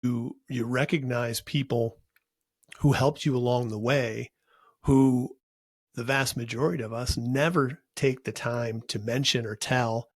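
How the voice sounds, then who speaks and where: A man's voice: mid-range voice, unhurried, breathy edge, no echo. Earnest podcast host man, dry sound. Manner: earnest, emphatic, repeats words when excited. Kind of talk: casual interview chat.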